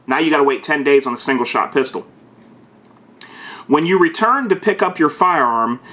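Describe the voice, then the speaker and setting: A man vlogging, reading a text aloud in a stiff, emphatic voice and breaking off to comment in quick, casual asides. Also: a little high, a bit bright. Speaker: gun video host.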